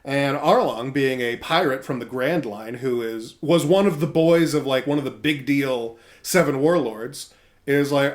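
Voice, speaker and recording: A man's voice: mid-range voice, measured pace. Man animatedly retelling a story. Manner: animated storytelling retelling scenes in quoted voices. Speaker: podcast co-host recapping a manga. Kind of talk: casual chat.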